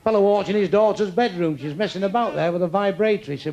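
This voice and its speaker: An older man does crude stand-up crowd work on a comedy club stage, teasing audience members with insults and one-liners. His voice is high-pitched and darkish in tone, and he talks fast. The noisy live club recording sounds dull, with audience laughter behind him.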